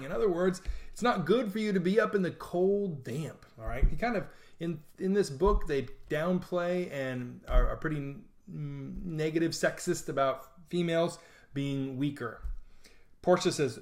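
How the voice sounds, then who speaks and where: A man's voice: a little high, normal speed. A man teaching a lesson on a play in a casual, jokey way. He reads lines from the play aloud and then retells them in slangy modern words. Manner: chatty and jokey. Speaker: literature teacher.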